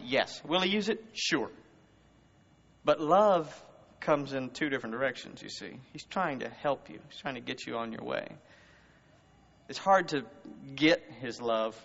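A man with a Southern US accent preaching a conversational sermon, swinging between loud emphasis and hushed words. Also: mid-range voice, normal speed. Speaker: guest speaker. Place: church service. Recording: muffled reverberant hall recording.

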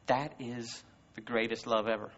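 A man with a Southern US accent preaching a conversational sermon, swinging between loud emphasis and hushed words. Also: medium pitch, fairly even intonation, moderate pace. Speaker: guest speaker. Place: church service. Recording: muffled reverberant hall recording.

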